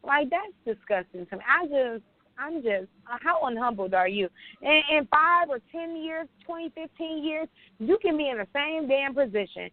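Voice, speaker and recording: A woman's voice: high voice, dry recording, narrow, tinny audio. A woman co-hosting a casual podcast, talking bluntly and telling stories full of slang. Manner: blunt, animated storytelling with slang. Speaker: podcast co-host.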